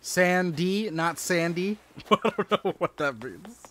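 A man in his thirties chatting casually on a live stream as he plays, reading and answering his chat aloud with quick exclamations at the game. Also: high-pitched, animated, fairly bright tone, slight background noise. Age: 30s.

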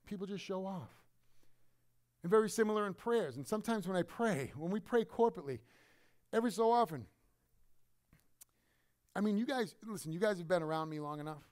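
A man preaching a sermon to his congregation in a conversational, animated way, sometimes mimicking other people. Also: high-pitched, a little fast, long pauses. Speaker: pastor.

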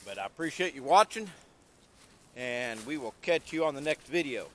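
A man's voice: medium pitch, lively intonation. A man hosting a casual firearms demo vlog, talking plainly and unhurriedly, with the hiccups, recorded outdoors. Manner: plain, unhurried show-and-tell. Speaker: channel host.

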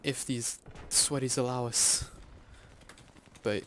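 A man giving live gameplay commentary, excitable and self-mocking, yelping and groaning as he plays. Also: mid-range voice, slow, background noise. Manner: excitable, yelps and groans at in-game deaths; self-mocking, joking asides. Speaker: video game YouTuber. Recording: loud game gunfire under the voice.

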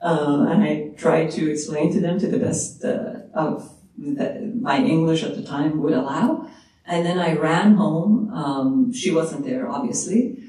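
A woman tells a personal story at an unhurried pace, thinking aloud with many pauses and fillers. Her voice sits back from the microphone, and the room answers with a heavy echo. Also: sits low, warm tone. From Iran. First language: Persian. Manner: measured, reflective, with many fillers and restarts. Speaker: author, guest. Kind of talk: storytelling answer in a moderated talk. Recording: echoey room, distant mic.

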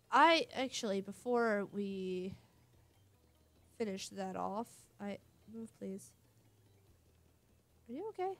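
A woman's voice: mid-range voice, fairly bright tone. A young woman giving casual let's-play commentary, chatty and self-mocking between reading voices. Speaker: gaming YouTuber.

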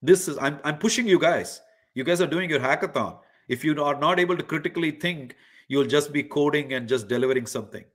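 A man's voice: on the high side, brisk, a bit bright. A middle-aged man, a professor hosting an interactive online lecture for students, telling stories animatedly, putting questions to his listeners and using many fillers. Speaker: workshop host and professor.

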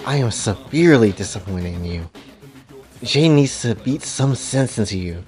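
A man's voice: fairly low pitch, expressive, normal speed, a little mellow, soft background music, natural voice. A man voicing a proper young anime heroine who speaks in a prim, scolding way. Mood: stern, shocked.

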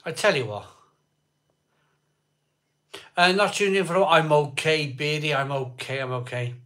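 A man's voice: on the high side, fast talker, fairly bright tone. A man chatting casually with viewers on a live beer stream, greeting people by name and rambling between topics. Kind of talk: casual chat reading live comments.

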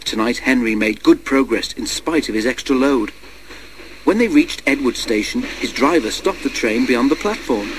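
A man reads a storybook aloud in a steady, measured way. His pitch sits in the middle, and constant background noise runs under the voice. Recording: noisy recording.

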